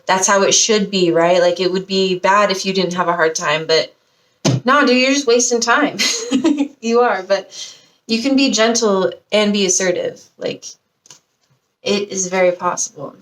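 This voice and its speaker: Woman tarot reader, casual, slangy and profane, warmly gushing at her audience. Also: medium pitch. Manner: slangy, profane and gushing, talks straight to viewers. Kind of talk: casual pick-a-card tarot reading.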